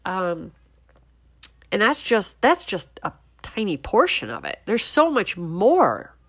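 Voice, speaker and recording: A woman giving political commentary straight to her viewers, animated and sarcastic. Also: mid-range voice, takes it slowly. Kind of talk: direct-to-audience commentary.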